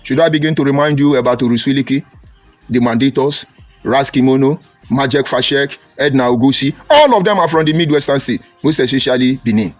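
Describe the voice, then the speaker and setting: A man's voice: mid-range voice, fairly quick, faint music behind. Combative Nigerian man on a live stream. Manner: combative, mocking, rising to loud outbursts. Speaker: political commentator greeting viewers. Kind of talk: live-stream political monologue.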